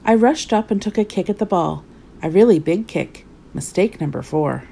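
A woman reading a storybook as a clumsy, cheerful male character, telling his own tale of mishaps in a lively, rueful way. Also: fairly low pitch, moderate pace, vocal fry, breathy edge, exaggerated voice.

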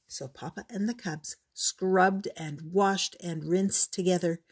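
An older woman gently reading a children's storybook aloud in a measured, unhurried way. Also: lowish voice, steady tone, slightly rough.

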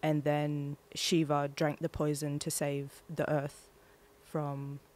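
Slow, hesitant woman, flat voice. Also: low-pitched. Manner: hesitant, many fillers. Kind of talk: casual interview.

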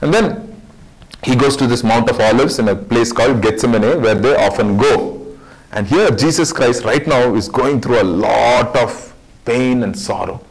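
A man's voice: medium pitch, normal speed, slightly rough, poor audio. A man teaching a Bible study sermon in an earnest way, repeating phrases for emphasis.

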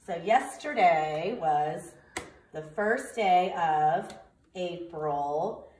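A preschool teacher talking slowly and clearly to small children, in a sing-song manner, during a remote circle time lesson and story read-aloud. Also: female voice, fairly low pitch, lively intonation, darkish tone, roomy sound, distant mic.

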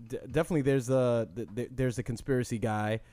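A man's voice: medium pitch, fairly even intonation, fast talker, warm tone, no echo. A man co-hosting a casual podcast, answering in a laid-back way with short reactions. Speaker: podcast co-host.

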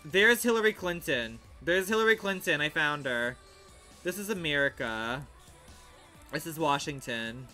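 Sassy, animated young male streamer. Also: a little high, a little slow, faint music behind. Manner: sassy, theatrical, swings to outraged shouts. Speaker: livestreamer. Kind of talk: casual gameplay commentary.

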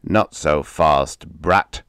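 A man with a low voice playing a cruel, sneering middle-aged stepfather who threatens his stepchildren in a dark audiobook story. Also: a little slow, smooth, no room sound, studio quality. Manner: menacing, sneering, mock-humble.

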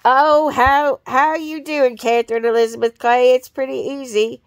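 A woman's voice: high-pitched, steady tone, moderate pace, no echo. A woman talking in a rambling, profane and blunt monologue.

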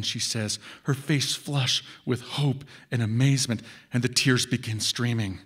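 A man reading his own short story aloud in a measured, expressive way. His voice sits at an ordinary middle pitch for a man, steady through the first-person narration. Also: slightly rough. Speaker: author.

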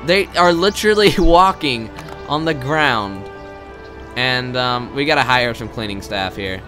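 With faint music playing behind him, this young guy calls his gameplay live in a mid-range voice that runs a little slow. He's excitable and foul-mouthed, lurching from loud outbursts to mumbled asides.

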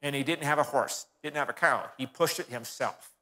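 A man's voice: mid-range voice, moderate pace, bright, forceful tone. Folksy male speaker in an echoing church. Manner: folksy, keeps addressing the audience as folks. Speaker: guest speaker. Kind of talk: folksy sermon-style history talk. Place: church hall. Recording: reverberant church hall.

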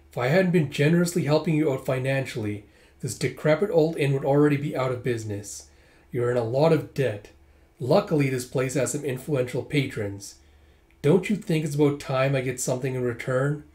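A man's voice: mid-range voice, normal speed, a little mellow, natural voice. A man reading a manga aloud and voicing a scheming, sneering male drug trafficker. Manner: sneering, dismissive.

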